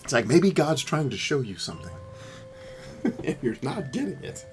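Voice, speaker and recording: A man's voice: a little high, very animated, moderate pace, music in the background. A man giving rambling, philosophical commentary while playing a video game, swearing freely as he rants. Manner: profane, ranting, philosophical. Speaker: gameplay commentator. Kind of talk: rambling commentary over gameplay.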